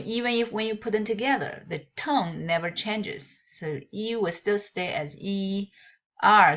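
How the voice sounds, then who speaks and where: Woman, teacher, very slow, patient, exaggerated tones, dull lo-fi recording. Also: fairly low pitch, fairly bright tone. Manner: sounds out syllables slowly with exaggerated tones; patient, repeats herself, loose unscripted phrasing. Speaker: Chinese language teacher. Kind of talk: slow spoken lesson. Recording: dull lo-fi sound.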